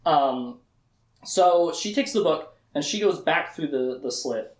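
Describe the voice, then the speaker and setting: A man casually recapping a book's plot in a lecture, laughing often and acting out the characters' lines in quick asides. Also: on the high side, expressive, reverberant. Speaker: book discussion host.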